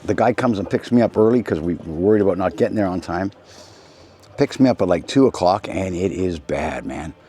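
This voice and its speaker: Brief: middle-aged male host, low voice, loose anecdotal storytelling with restarts. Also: a little mellow. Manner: rambling, anecdotal, with frequent restarts and asides. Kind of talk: casual rambling monologue.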